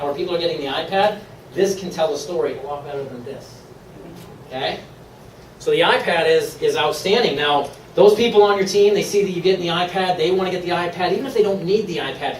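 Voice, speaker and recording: Upbeat man pitching in an echoey room. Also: recorded from a distance, slight background noise. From Maine, USA. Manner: upbeat, persuasive, laughs often. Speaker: presenter at a sales meeting. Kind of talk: sales pitch to a live room. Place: meeting room.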